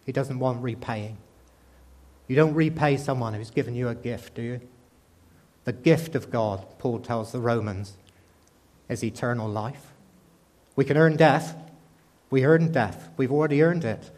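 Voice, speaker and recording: A man's voice: medium pitch, unhurried, long pauses, darkish tone. A man preaching a sermon in a conversational way, often asking the congregation rhetorical questions.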